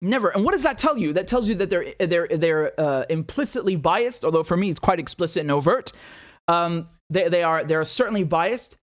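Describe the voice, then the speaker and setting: A man giving animated, incredulous political commentary, full of restarts and rhetorical questions. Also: sits high, fairly quick. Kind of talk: casual ranting commentary.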